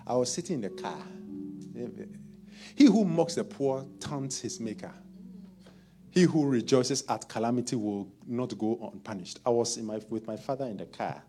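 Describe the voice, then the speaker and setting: A man delivering a sermon, talking informally and often doubling back on his words. His mid-pitched voice rises and falls a great deal. Faint music can be heard behind him. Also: normal speed, husky. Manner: animated, repeats words while thinking aloud. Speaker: pastor.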